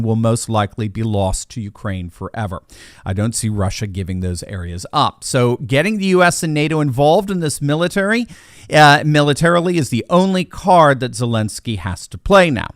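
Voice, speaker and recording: A man's voice: medium pitch, no room sound, studio quality. A man giving an opinionated, indignant political commentary monologue with a sarcastic edge.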